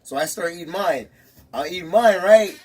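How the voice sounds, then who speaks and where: Animated storytelling man, raised voice. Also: high-pitched, moderate pace. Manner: animated storyteller, acts out quotes, laughs a lot. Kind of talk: casual storytelling chat.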